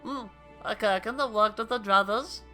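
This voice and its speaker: A woman voicing a rough, gruff man from a harbor town with an effortful put-on seafaring accent. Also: medium pitch, normal speed, bright, forceful tone, faint music behind, voice pushed up, lightly acted.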